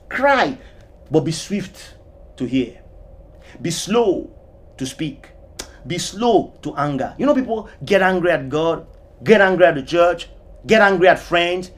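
A man preaching a sermon, with emphatic, sweeping swings of pitch, rhetorical questions, and scripture quotes stretched out slowly. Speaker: pastor.

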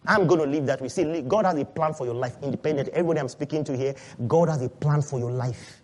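A male pastor preaching a sermon in a church, swinging between loud calls and hushed asides and asking the congregation questions. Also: a little high, quick pace.

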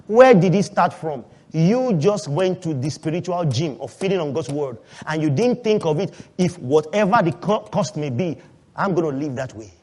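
High-voiced preaching man, dynamic. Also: lively intonation, moderate pace. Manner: dynamic preaching, swings between loud and hushed, asks the congregation questions. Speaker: pastor. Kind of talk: sermon. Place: church.

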